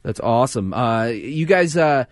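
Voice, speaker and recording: A man's voice: mid-range voice, lively intonation, no room sound. A man hosting a local music radio show, chatting casually with a band in the studio and filling his talk with many "uh"s. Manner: halting, many filler words. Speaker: radio host.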